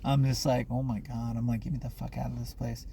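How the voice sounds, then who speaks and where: Man, gravelly voice, rambling vlog monologue, fillers and restarts, faint hiss behind. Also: medium pitch, little pitch movement, a little fast, dark tone. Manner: rambling, full of fillers and restarts, swears often.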